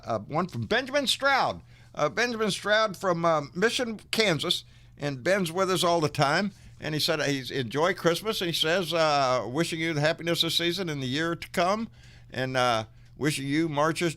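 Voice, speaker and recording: A man's voice: medium pitch, a bit bright. A man hosting a political live stream, chatting casually with viewers and reading their mail. He has a folksy, profane way of talking, calls people "baby", and fills his speech with "uh"s and restarts. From United States. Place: home studio in Texas.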